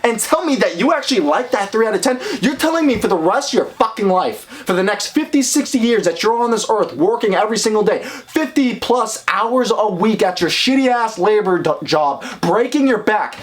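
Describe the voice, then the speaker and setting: A man's voice: high-pitched, expressive, normal speed, few pauses. A man co-hosting a casual podcast, talking in a blunt, heated and profane way. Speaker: podcast co-host.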